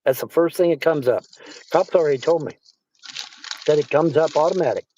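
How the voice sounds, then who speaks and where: A man's voice: a little high, a little fast, mellow, husky, dull audio. A man chatting casually as a livestream guest, rambling, repeating himself and swearing often. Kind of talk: casual chat.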